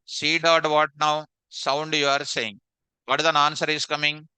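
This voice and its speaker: Bright, crisp-voiced man teaching code. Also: a little high, flat delivery, normal speed, no room sound. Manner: repeats questions to students, quizzing. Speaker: programming teacher. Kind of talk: live online coding class.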